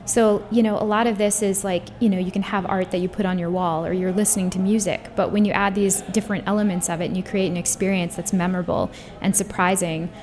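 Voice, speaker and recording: A woman's voice: mid-range voice, steady tone, quick pace, few pauses, a little mellow. A woman, a guest on a radio show, talking in an earnest, thoughtful way with many fillers. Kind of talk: casual interview.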